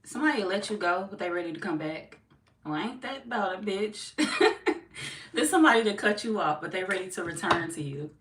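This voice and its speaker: A woman, slightly hoarse, chatting casually on a live stream as a tarot reader, greeting viewers by name and swearing freely. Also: medium pitch, lively intonation, fast, a bit bright. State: slightly hoarse, feels she is losing her voice. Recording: echoey room, far from mic, faint noise.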